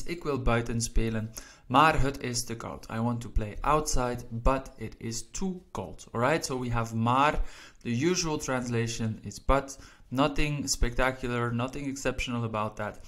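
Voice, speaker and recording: Patient man teaching with steady checks. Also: mid-range voice. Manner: repeats "right?" and "all right?" after points, slows down to read example sentences. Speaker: language teacher. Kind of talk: explaining lesson to viewers.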